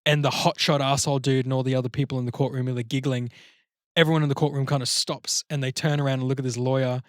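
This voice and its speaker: A man in casual podcast chat, rambling and swearing as he tells a story, slipping into little acted voices along the way. His voice sits at a middling pitch. It is recorded close and dry. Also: little pitch movement, fast, dry recording. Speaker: podcast co-host.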